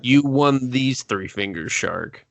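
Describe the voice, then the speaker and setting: A man co-hosting a casual movie review podcast, talking in an animated way, swearing freely and laughing often. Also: medium pitch, slow, creaky, dry recording. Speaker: podcast co-host.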